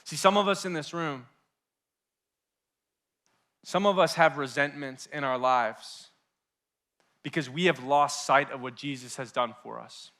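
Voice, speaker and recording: A young male youth pastor preaching a sermon with passion, swinging between loud and hushed and acting out what his listeners might be thinking. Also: mid-range voice, a little slow, pauses often. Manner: acts out listeners' inner voices.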